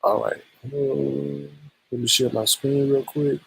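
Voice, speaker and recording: A man's voice: mid-range voice, sing-song, slow, a bit bright, a little hiss or hum, rough recording. A man hosting a live-stream gossip commentary show, teasing and exclaiming as he greets the chat and runs through the night's topics. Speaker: host.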